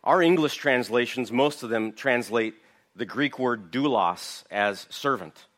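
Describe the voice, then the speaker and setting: A man's voice: medium pitch, a bit bright. A man giving an emphatic verse-by-verse Bible teaching, asking his listeners questions. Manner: emphatic, asks the audience rhetorical questions.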